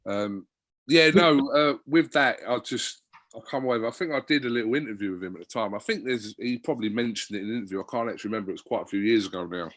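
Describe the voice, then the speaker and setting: A man's voice: mid-range voice, fast talker. A man, a podcast guest, chatting casually and telling stories with lots of fillers. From Wickford, England. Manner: relaxed storytelling, many fillers. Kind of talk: casual interview chat.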